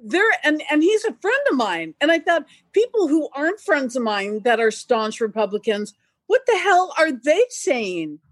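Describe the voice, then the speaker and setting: A woman with a high voice speaks earnestly and with emphasis in a casual video-call chat. Her voice sounds close and dry, with no room echo. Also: big pitch swings, normal speed.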